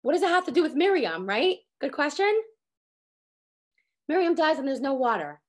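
High-voiced, animated woman teaching. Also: normal speed. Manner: animated storyteller, acts out quoted voices. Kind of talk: Torah lesson to a group.

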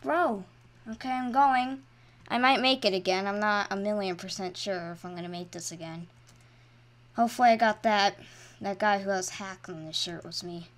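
Excitable woman narrating her gameplay. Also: mid-range voice, normal speed. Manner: excitable, swings from mumbling to loud shrieks. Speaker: gaming channel host. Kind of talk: casual gameplay commentary.

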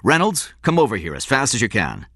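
Narrator doing a bossy excited businessman in a storybook, lively swings, dry sound. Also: medium pitch, no room sound, voice pushed up, full character voice. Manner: brisk, excited, commanding. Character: confident, scheming businessman husband.

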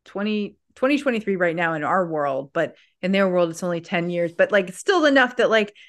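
A woman's voice: lowish voice, animated, fairly quick. A middle-aged woman talking as a guest writer in a casual interview, laughing often and restarting her sentences.

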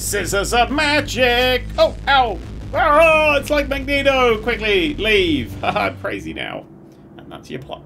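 A man giving loud, swearing, excitable live commentary while streaming a game, with sudden yelps and laughs. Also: extremely high pitch, slow, a little hiss or hum.

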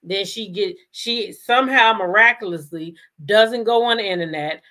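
A woman host in casual commentary mode, pressing her points with emphatic repetition and a string of pointed rhetorical questions. Her voice sits at an ordinary middle pitch, steady and conversational. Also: normal speed.

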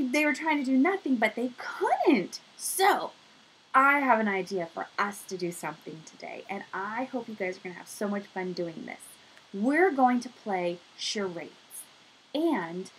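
A woman's voice: on the high side, a little hiss or hum, poor audio. A woman, a speech therapist, reading a story aloud to young children and leading a game, talking straight to them with encouragement. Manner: animated, encouraging, talks straight to young listeners. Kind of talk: children's read-aloud and activity lesson.

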